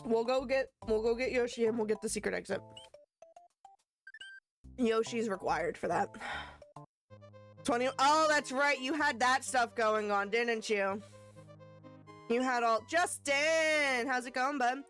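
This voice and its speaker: A woman's voice: on the high side, a little slow, pauses often, a bit bright, soft background music. A woman live-streaming a video game, chatting with her viewers and shrieking at close calls. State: tired after work.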